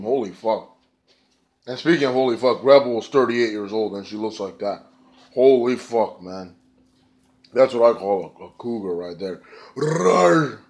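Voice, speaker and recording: Male reviewer, rambling and profane, sarcastic casual delivery, mid pitch. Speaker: wrestling show reviewer.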